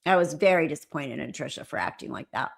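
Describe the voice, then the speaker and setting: A woman's voice: sits low, lively intonation, fast talker, vocal fry. A woman commentator on a live stream, chatting casually and answering viewer comments as she reads them.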